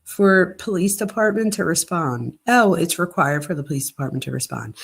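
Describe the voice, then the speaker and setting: A woman's voice: lowish voice, normal speed, vocal fry, few pauses, husky. Chatty woman reacting aloud. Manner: chatty, animated, reacting aloud while reading documents. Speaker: host. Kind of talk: casual commentary.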